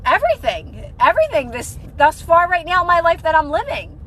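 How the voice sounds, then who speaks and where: Bright, high-voiced woman streaming live. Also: big pitch swings, brisk, slight background noise, low-quality recording. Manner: rambling, restarts sentences often, many "like" fillers; encouraging and earnest. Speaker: manifestation content creator. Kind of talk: casual live-stream chat answering viewers.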